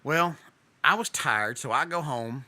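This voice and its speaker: A paramedic and podcast co-host who tells stories in a casual way, with a lot of laughing and swearing. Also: male voice, medium pitch, unhurried. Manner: animated, laughing, profane storyteller. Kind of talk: casual storytelling chat.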